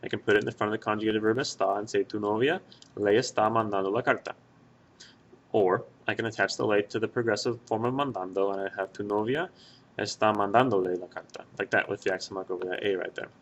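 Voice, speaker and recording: A man's voice: fairly low pitch, steady tone, fast, dull audio. A young man teaches a grammar lesson over a screen recording. He talks it through methodically, pointing at each example in turn. His tone stays plain and easygoing. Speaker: Spanish teacher.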